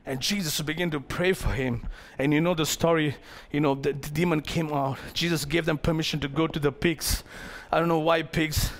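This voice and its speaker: A man preaching a sermon as pastor to his congregation, animated, acting out the characters of the story and joking with the crowd. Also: a little high, normal speed, hardly any pauses. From Malaysia. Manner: playful asides to the congregation.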